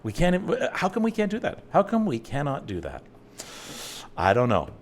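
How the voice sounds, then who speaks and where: Middle-aged male host, chatty and self-deprecating, lively swooping delivery. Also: fairly high pitch, moderate pace, slight background noise. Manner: animated, rambling, self-mocking, with frequent restarts. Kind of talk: casual livestream chat with viewers.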